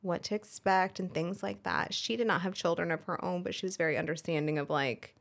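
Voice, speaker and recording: A woman's voice: fairly low pitch, a little fast, creaky. A woman in her thirties, a hairstylist and salon owner, telling her story frankly in a casual podcast interview and acting out remembered conversations, with a lot of "like" fillers. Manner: frank and chatty, acts out remembered dialogue, frequent "like" fillers.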